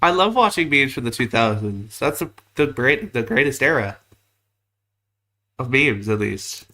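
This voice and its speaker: A man's voice: mid-range voice, expressive, measured pace, pushed and bright. A man streaming live, chatting casually and joking at himself while reacting to videos. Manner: joking, chatty, self-mocking.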